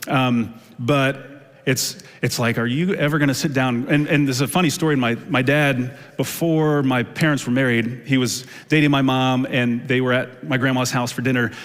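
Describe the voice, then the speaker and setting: A man in his thirties preaching a sermon as a pastor, telling stories in a relaxed, conversational way and acting out quotes playfully. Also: medium pitch, moderate pace. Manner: casual storytelling with playful acted quotes. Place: church auditorium. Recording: long reverb of a large hall.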